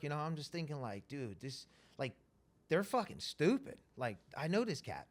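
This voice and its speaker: A man telling a wild story as an interview guest, animated and profane, rambling casually. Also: on the high side, moderate pace.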